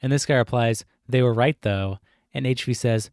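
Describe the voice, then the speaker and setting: A man talks through online drama in a casual, mocking voice, swearing freely. His pitch sits in the middle and the recording is dry and close. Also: normal speed, a little mellow, dry recording. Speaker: commentary YouTuber. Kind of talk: casual commentary.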